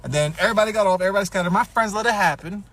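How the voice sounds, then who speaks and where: A man's voice: sits high, very fast. A man telling a profane, comedic personal story, acting out what people said. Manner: animated, profane, acts out quotes.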